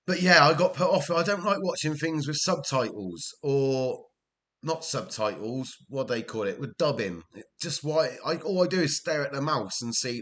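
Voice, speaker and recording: A man's voice: mid-range voice, fairly bright tone. An older man, chatting casually to his stream viewers while he plays a football management game, rambling and chuckling as he goes. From Wales.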